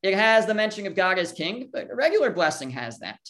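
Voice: medium pitch, very animated, a little fast, fairly bright tone. Teacher reasoning aloud through a Torah lesson. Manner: thinks aloud, poses questions and answers them; mixes in Hebrew terms and translates them.

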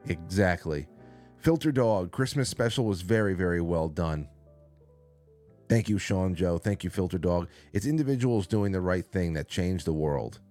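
A man's voice: deep voice, animated, moderate pace, darkish tone, soft background music. A man hosting a casual call-in stream from a studio, rambling and reading out chat names. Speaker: call-in show host. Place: small studio. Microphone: studio mic.

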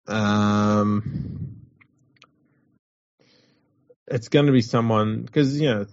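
A man's voice: lowish voice, takes it slowly, a little mellow, no room sound. A man, co-hosting a sports chat show, rambling and wry. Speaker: podcast co-host. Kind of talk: casual chat. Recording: dull lo-fi audio.

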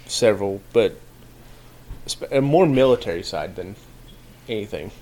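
Male co-host, slow and low, drawls through stories, dry humor. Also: lively intonation, darkish tone. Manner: slow, drawn-out delivery with dry wisecracks. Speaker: podcast co-host. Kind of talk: casual chat.

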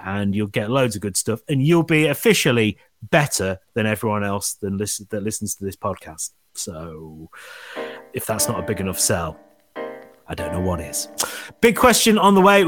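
A man's voice: mid-range voice, a bit bright, no echo. Male host, rambling self-mocking delivery, dry booth, faint music. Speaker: podcast host. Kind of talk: casual chat with ad reads.

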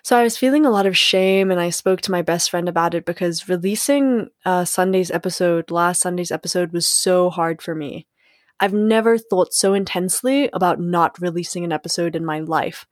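A woman's voice: lowish voice, moderate pace, dry recording, studio quality. A young adult woman hosting a solo podcast, talking in a reflective, candid way, laughing often and acting out the voices in her head. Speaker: podcast host.

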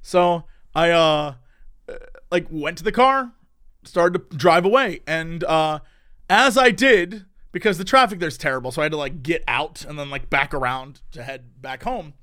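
A man telling a story in casual chat. He is animated, laughs often and acts out the voices. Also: fairly high pitch, normal speed. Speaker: podcast storyteller.

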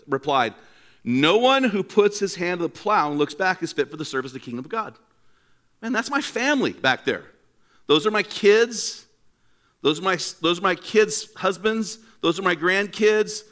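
Older man, pastor, church sermon, storytelling, bright forceful voice. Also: high-pitched, normal speed. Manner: animated storytelling preacher, acts out quotes.

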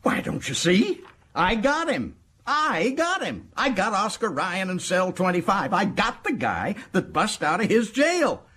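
Bragging american prison governor, radio play, kinda husky, voice jumps all over. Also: male voice, high voice, sing-song, unhurried, pushed and bright, full character voice. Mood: boastful. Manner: boastful, folksy and self-satisfied. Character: boastful American prison governor, middle-aged man. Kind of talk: radio drama acting.

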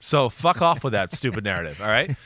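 A man talking football on a podcast, animated and blunt, swearing freely as he makes his case. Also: lowish voice, fairly quick, dry recording, studio quality. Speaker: football analyst. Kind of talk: casual podcast talk.

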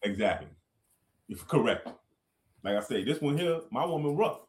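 A man's voice: medium pitch, expressive, moderate pace, a little mellow, roomy sound. A man talking as a guest in a casual chat, laid-back and full of slang, laughing as he tells stories.

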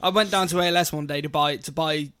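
High-voiced man telling a story. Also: fairly even intonation, quick pace, a crowd in the background. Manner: swearing, storytelling with acted-out quotes. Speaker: podcast co-host. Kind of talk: casual chat.

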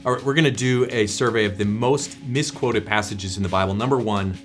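A man's voice: fairly low pitch, brisk, faint music behind. A male pastor teaching a short devotional in an earnest, conversational way, with prayers.

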